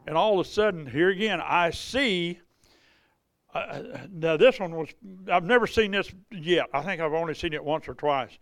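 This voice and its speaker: A revival preacher, his voice a little high and a bit bright, tells healing stories at a normal speed. He's folksy and conversational, often repeating and restarting his lines. There's no room sound, and the recording is studio quality.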